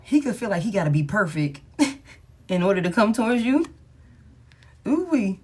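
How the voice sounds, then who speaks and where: A woman's voice: mid-range voice, sing-song, moderate pace, slightly rough. A woman giving a casual collective tarot reading, blunt and slangy, swearing freely and hyping the listener up. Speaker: tarot reader.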